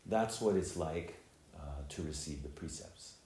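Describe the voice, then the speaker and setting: A middle-aged man giving a dharma talk as Zen teacher and preceptor, reflective and unhurried, with many ums and uhs. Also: rumbling low, dark tone. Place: temple hall. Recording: echoey temple hall, faint ambience.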